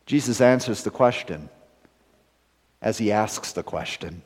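A man's voice: fairly low pitch, expressive, a little slow, pauses often, husky. Earnest preacher man in a reverberant hall. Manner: earnest preaching with rising emphatic builds and hushed drops. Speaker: pastor. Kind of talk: sermon.

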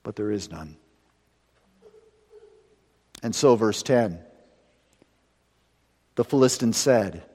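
A man preaching a sermon in dramatic style, slowing down for weight and rising to loud peaks. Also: fairly low pitch, animated. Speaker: pastor. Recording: long hall reverb.

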